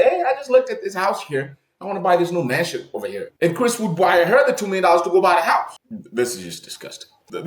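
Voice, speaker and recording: A man's voice: sits high, reverberant. A man hosting an interview video, incredulous and emphatic, speaking bluntly. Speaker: host, channel owner.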